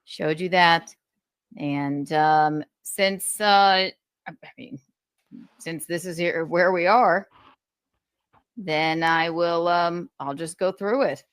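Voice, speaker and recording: A woman's voice: fairly low pitch, slow pace, pauses often, clean tone, no room sound, studio quality. Exasperated, swearing woman ranting. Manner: profane, rambling, exasperated. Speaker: streamer recounting a feud. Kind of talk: heated casual rant.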